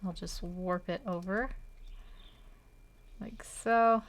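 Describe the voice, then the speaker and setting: A woman's voice: medium pitch, fairly even intonation, slow. A woman chatting casually while she draws, thinking aloud and hesitant, with frequent little laughs. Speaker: artist streaming a drawing session. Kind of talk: casual chat while drawing.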